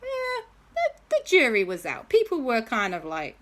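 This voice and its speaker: A woman's voice: fairly high pitch, huge pitch swings, moderate pace. A woman host telling a playful children's story with toys, switching into character voices.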